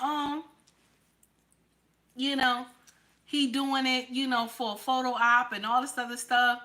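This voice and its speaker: Here a woman from around New York or New Jersey addresses viewers in a laid-back political commentary vlog, her voice sitting high yet bright and forceful. Her delivery is flat and unhurried with long pauses, but she stays blunt and emphatic, restating lines for stress. The recording is low quality.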